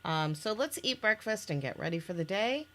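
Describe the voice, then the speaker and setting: A woman, the maker of an interactive story game, chats casually while reading its scenes aloud, restarting lines and laughing now and then. Her mid-range voice is expressive and fairly bright, delivered at a moderate pace.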